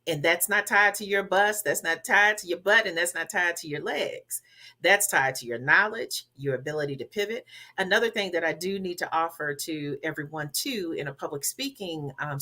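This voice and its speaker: Emphatic, bright-voiced woman coaching speakers. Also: fairly low pitch. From Southern United States. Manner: emphatic and instructive, repeats key words. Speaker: guest, public speaking coach. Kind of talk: advice in a podcast interview.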